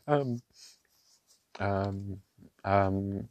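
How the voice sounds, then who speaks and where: A man in an excitable, gushing home vlog, talking up close in a dry room. His voice sits fairly low. He bursts into delighted praise often. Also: measured pace, dry recording. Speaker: ink reviewer. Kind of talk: casual show-and-tell vlog.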